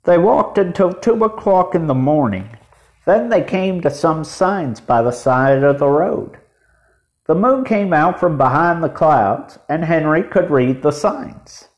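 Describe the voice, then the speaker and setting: A man reading a children's storybook aloud as narrator, in a measured way. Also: fairly high pitch, lively intonation. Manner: measured, deliberate.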